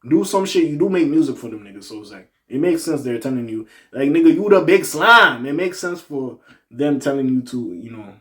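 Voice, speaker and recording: A man hosting a casual hip-hop news commentary, animated, swinging between loud outbursts and low muttered asides. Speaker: commentary channel host.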